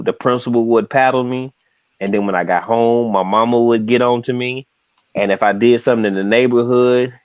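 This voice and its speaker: A man's voice: medium pitch, dry recording, phone-quality sound. A man joining a casual livestream chat, agreeing easily and sharing his own childhood stories. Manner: relaxed, agreeable, chimes in with short replies.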